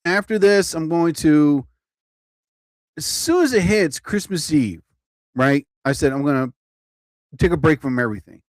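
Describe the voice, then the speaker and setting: A man chats on his own livestream from home, rambling from one thought to the next and laughing at his own asides. His voice sits a little higher than most men's, and the sound is close and dry. He sounds a bit tired and yawns now and then. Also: expressive, measured pace, long pauses, no room sound. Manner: chatty, self-interrupting, swears mildly, laughs at himself. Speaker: comedian livestreaming. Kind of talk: rambling casual livestream chat. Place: at home, TV on overhead. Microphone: phone or computer mic, livestream.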